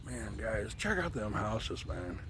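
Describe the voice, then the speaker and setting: A man casually vlogging on a riverside walk with his dog, chatting to viewers and cooing to the dog, sometimes hushed. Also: fairly low pitch, very animated, slow, vocal fry, noisy background. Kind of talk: casual walking vlog. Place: outdoors on a riverside trail. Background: faint birds and outdoor ambience.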